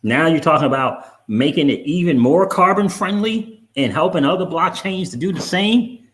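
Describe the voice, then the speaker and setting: A man's voice: fairly high pitch, lively intonation, moderate pace, fairly bright tone. A man hosting a crypto video channel, talking casually to viewers and repeating words for emphasis.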